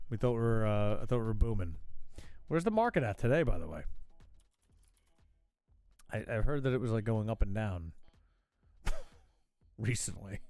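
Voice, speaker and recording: A man's voice: on the low side, darkish tone, no echo. A man hosting a live call-in talk show, riffing on news headlines with sarcastic, profane, mocking asides. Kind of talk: casual comedic news riff.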